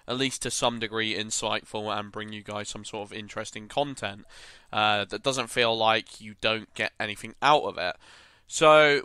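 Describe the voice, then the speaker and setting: Guy doing live game commentary, lowish voice but bright and crisp, kinda rambly, lots of ums. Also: dry recording. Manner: thoughtful, rambling, frequent fillers and self-corrections. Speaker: gaming channel host.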